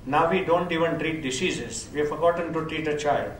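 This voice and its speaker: A man's voice: on the high side, brisk, noisy background. Older man, wry lecturer who chuckles through his stories; recorded far off in a roomy, echoing hall. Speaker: pediatrics professor. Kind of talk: lecture with anecdotes. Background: audience laughter.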